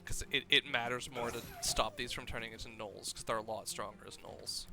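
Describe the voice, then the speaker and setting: Man chatting through a game stream. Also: medium pitch. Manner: chatty, explains game mechanics aloud, reacts with quick excitement. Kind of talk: casual gameplay commentary. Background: game music.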